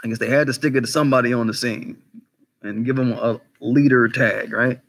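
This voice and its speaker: This man hosts a commentary channel and talks briskly in a mid-range voice during a casual livestream. He's animated and conversational, swears freely, throws out rhetorical questions, and says hello to chat viewers by name.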